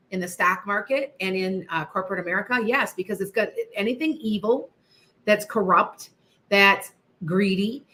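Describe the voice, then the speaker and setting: Middle-aged woman, live psychic host, bright voice, emphatic and repetitive, chatty with viewers. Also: mid-range voice. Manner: emphatic, repeats herself, chatty asides to viewers. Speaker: psychic livestream host answering viewer questions. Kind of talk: casual live-stream chat.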